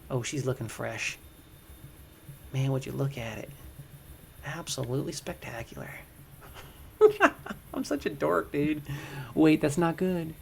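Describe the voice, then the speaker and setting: A young man chatting excitedly to his viewers while building in a game, slangy and easily distracted. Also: medium pitch, creaky, slight background noise. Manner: chatty, hyped, slangy, talks to chat as crew. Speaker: game streamer. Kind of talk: casual livestream commentary.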